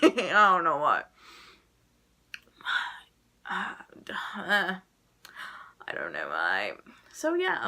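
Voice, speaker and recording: A woman's voice: medium pitch, vocal fry, bright, forceful tone. A young adult woman chatting casually to camera in a rambling way, full of "like" fillers. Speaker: vlogger.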